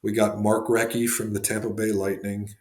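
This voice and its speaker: A man speaks as a podcast guest, his voice sitting on the low side. He tells long stories in a loose, rambling way, full of fillers and restarts. The room around him has a noticeable echo. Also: little pitch movement, normal speed, a little mellow. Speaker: guest, former hockey executive and scout. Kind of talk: casual podcast interview storytelling.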